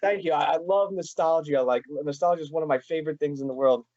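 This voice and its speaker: A man hosting a casual fan interview, talking in a rambling, halting way with many restarts. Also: fairly high pitch, darkish tone, no echo, lo-fi sound. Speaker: podcast host.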